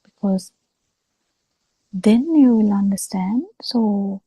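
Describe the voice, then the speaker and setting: A woman giving a Buddhist talk over a video call, speaking slowly with halting pauses and fillers. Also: mid-range voice, mellow, slightly rough, no room sound, rough recording. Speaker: Buddhist teacher.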